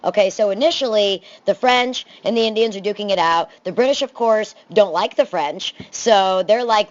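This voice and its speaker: A woman teacher talks through a recorded history presentation in a chatty, animated way, tossing in playful asides for her students. Her voice sits in a middle pitch. The audio is a little dull and lo-fi. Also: normal speed, hardly any pauses. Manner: lively and conversational, with playful asides.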